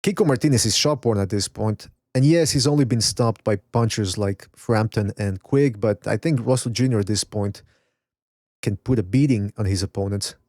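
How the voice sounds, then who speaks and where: A man's voice: on the low side, moderate pace, darkish tone, no room sound. Man hosting a live podcast, casual and profane, rambling chatter, dry close sound. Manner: rambling, profane, reads chat aloud. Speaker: podcast host. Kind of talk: casual live-stream chat.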